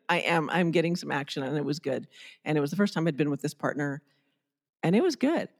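Podcast co-host, woman, lower voice, animated and bubbly, scratchy throat, frank talk. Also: fairly quick. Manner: bubbly, laughs often, frank. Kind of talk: casual chat.

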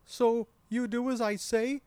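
A woman plays a smug, entitled male ad executive in a comedy sketch, talking in a flat, hesitant way full of little fillers. The recording is dry and close. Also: a little high, dry recording, lightly acted. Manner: hesitant, deadpan with drawn-out fillers.

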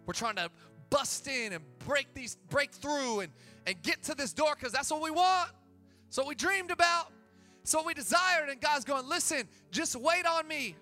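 A high, bright-toned man in his thirties delivers a sermon as pastor. He preaches with energy and swings up to loud, emphatic peaks. Soft music plays beneath his voice. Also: moderate pace.

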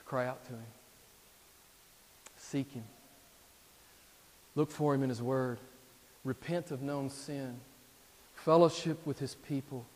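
A male pastor preaching a sermon, emphatic and repetitive, swinging between loud exhortation and hushed appeals. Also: mid-range voice. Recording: long reverb in a large hall.

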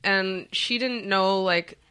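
Chatty woman with a bright voice. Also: medium pitch, slow, clean tone. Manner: chatty, full of fillers, animated storytelling. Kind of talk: casual chat.

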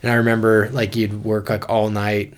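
A man's voice: fairly low pitch, completely flat delivery, normal speed. A man in his forties, co-hosting a podcast in casual chat, telling stories in a laid-back way and calling his friends dude and bro. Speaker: podcast co-host.

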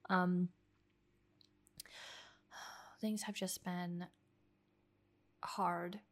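Young woman, halting emotional podcast. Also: on the low side, little pitch movement. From United States. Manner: halting, emotional, many restarts and sighs. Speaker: podcast host. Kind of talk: personal confessional podcast. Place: home, alone.

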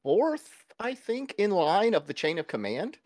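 A man's voice: sits high, a little slow, dry recording. A man co-hosting a podcast, chatting casually and joking, sometimes putting on silly voices. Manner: animated, jokey, puts on silly voices. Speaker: podcast co-host. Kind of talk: casual comedic chat.

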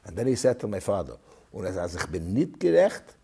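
Animated husky man telling a story. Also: sits low, brisk. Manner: animated storytelling, swings from loud to hushed. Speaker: guest recalling his father. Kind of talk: storytelling interview.

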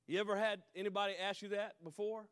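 A man preaching a sermon, reading scripture slowly and with emphasis, then retelling it in loose everyday talk. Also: high voice, fairly even intonation, fairly bright tone, clear, resonant tone, dry recording. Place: church.

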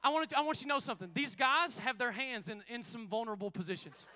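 A man pastor preaching an energetic sermon, calling out to the congregation, a little out of breath. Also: very high voice, fast, slight background noise. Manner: emphatic preaching with call-outs to the congregation.

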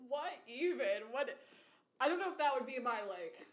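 A sarcastic woman co-hosting a casual podcast, her voice a little higher than most. She swears freely and pads her sentences with "like" and "um". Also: expressive, normal speed. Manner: sarcastic, swears a lot, frequent "like" fillers. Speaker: podcast co-host.

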